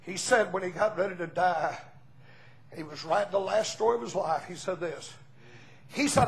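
An older man with a Southern US accent preaching a fiery revival sermon in a church, rising into shouted peaks and asking the congregation to answer back. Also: high-pitched, normal speed, gravelly. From Southern United States.

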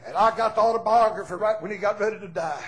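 Talking fast in a high register, an older Southern US preacher delivers a fiery revival sermon inside a church. He climbs into shouted climaxes and urges the congregation to respond.

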